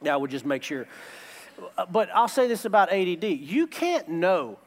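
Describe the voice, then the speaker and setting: A man's voice: sits high, sing-song, normal speed. A man preaching a sermon as a pastor, emphatic and returning again and again to his key phrases.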